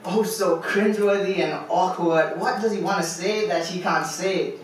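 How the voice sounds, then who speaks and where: A man with a high voice performs a spoken word poem at an open mic, nervous and wry as he second-guesses himself. He is heard from across a very echoey club room. A faint hiss sits under him. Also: steady tone, normal speed, distant mic. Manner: anxious, self-questioning, ironic. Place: poetry club stage, live audience.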